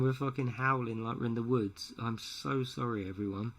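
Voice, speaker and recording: Chatty man with a gravelly voice. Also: medium pitch, steady tone, moderate pace, hardly any pauses. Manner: chatty, jokey, laughs often. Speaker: streamer painting a model. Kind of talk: casual live-stream chat. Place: home room at night. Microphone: headset.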